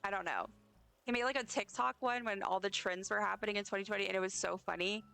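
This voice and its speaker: A woman streamer with a hoarse, partly lost voice, chatting casually and rambling to her chat while she plays. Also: mid-range voice, steady tone, fast talker, sharp tone.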